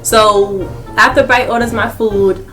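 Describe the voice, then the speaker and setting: A young adult woman telling a casual story-time vlog, animated and laughing a lot as she talks. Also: medium pitch, measured pace, faint music behind. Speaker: vlogger.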